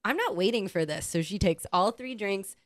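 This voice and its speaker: A woman's voice: mid-range voice, animated, moderate pace, no room sound. A woman co-hosting a podcast, telling a story in casual chat, laughing often and acting out the voices of the people in it. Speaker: podcast co-host.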